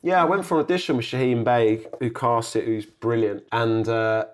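A young adult man, an actor guest on an interview podcast, telling stories in a rambling, animated way. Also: mid-range voice, normal speed. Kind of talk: casual interview chat.

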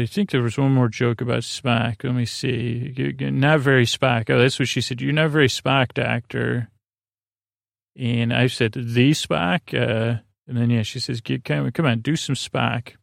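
Man, podcast host, Upstate New York lilt, gravelly and monotone, dry close sound, halting sleepy recap. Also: no echo. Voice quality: gravelly, flat delivery. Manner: halting, many "uh"s and restarts, low-key.

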